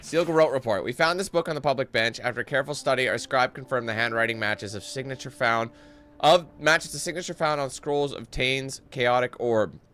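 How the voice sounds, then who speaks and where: A man's voice: medium pitch, brisk, bright, forceful tone, clear, resonant tone. A young man giving casual, joking gameplay commentary, reading in-game texts aloud and breaking off into parody singing.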